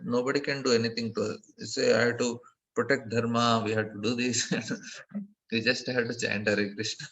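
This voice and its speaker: A man giving a devotional class lecture, earnest, often repeating phrases and laughing softly between points. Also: mid-range voice, low-quality recording. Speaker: speaker giving a scripture class.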